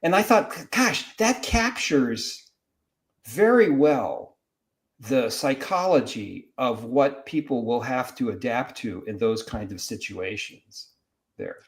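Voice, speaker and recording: A man's voice: mid-range voice, expressive, measured pace. A man speaking as an academic guest in a casual discussion, talking in a digressive way with many restarts. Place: video call.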